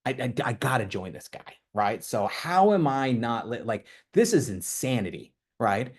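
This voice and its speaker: A man's voice: mid-range voice, expressive, normal speed, slightly rough. A man with a toddler at home, giving an impassioned motivational training talk to his team. He rambles, restarts his sentences and keeps tagging them with questions. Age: young adult to middle-aged, with a toddler.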